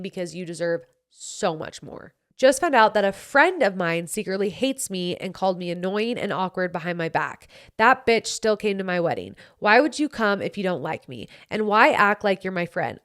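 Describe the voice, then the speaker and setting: A woman in her late twenties with a Utah accent, hosting a podcast and giving blunt, sassy advice, swearing freely. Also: lowish voice. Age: 20s. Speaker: podcast host. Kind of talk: casual advice chat.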